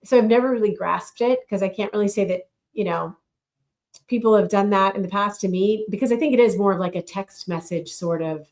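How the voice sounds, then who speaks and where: A middle-aged woman co-hosting a casual chat podcast, talking in a measured, matter-of-fact way. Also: mid-range voice, darkish tone. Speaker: podcast co-host and novelist.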